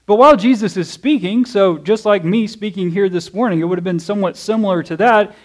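A man's voice: sits high, a little fast. A man preaching a morning sermon in church, walking through a passage and asking the congregation questions. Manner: conversational, checks in with "okay?" and "right?"; asks questions to the audience and answers them. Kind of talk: expository sermon.

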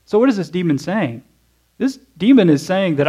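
Preacher, male, higher register, conversational sermon with frequent audience check-ins. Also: animated, moderate pace. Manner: conversational, checks in with "okay?" and "right?"; asks questions to the audience and answers them. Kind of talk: expository sermon. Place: church.

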